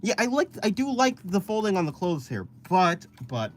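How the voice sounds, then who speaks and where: A man's voice: high voice, big pitch swings, normal speed. A young man giving casual, hesitant commentary on drawings as an art streamer, rambling with many restarts.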